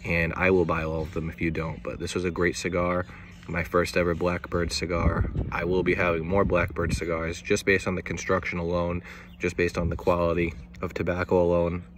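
Low, flat-voiced man reviewing cigars. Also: fairly quick, noisy background. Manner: laid-back, repeats words, swears casually. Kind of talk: casual video review.

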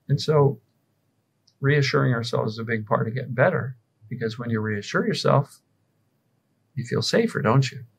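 A man's voice: mid-range voice, poor audio. A man from Pennsylvania, a mind-body coach, explaining his approach as an interview guest and answering his own rhetorical questions. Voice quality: gravelly, very husky voice.

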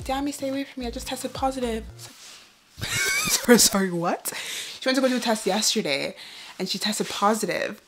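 A woman's voice: medium pitch, a little hiss or hum. A young woman vlogging at home in a chatty, casual way, laughing often. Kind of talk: casual vlog chat.

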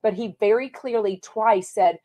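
A woman from Texas with a Texan accent, hosting her podcast in a relaxed, chatty way. Her voice sits at an ordinary middle pitch, and she talks lively and casually, as if catching up with friends. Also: unhurried. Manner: chatty, lively, reads viewer comments aloud. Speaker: podcast host. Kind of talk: casual chat.

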